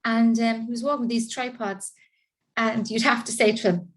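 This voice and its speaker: An Irish woman in her fifties tells her own story in an interview, earnest and heartfelt. Her voice sits a little higher than most women's, and she brings the scenes to life by voicing the people in them. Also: steady tone, normal speed. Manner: earnest, emotional, acts out quoted dialogue. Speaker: interview guest, parent carer. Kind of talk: personal storytelling in conversation.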